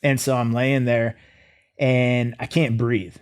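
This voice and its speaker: A man's voice: mid-range voice, slow, clean tone. Laid-back man telling a war story. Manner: relaxed, conversational, with frequent fillers and light humor. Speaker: military veteran interview guest. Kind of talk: casual storytelling in a podcast interview.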